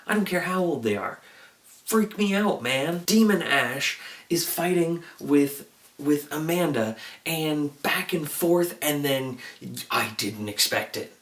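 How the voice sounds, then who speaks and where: A man reviewing a TV episode in a casual, excitable, chatty way, full of "like" and quick retellings. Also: on the high side, echoey room, recorded from a distance. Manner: chatty, excitable retelling with frequent "like" and acted-out quotes.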